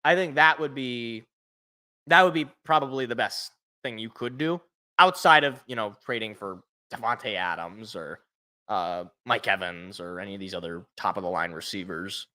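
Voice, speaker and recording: A man's voice: lowish voice, moderate pace, bright, forceful tone. A young man giving casual fan play-by-play and reaction, rambling and correcting himself, with joking asides. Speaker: fan podcast co-host.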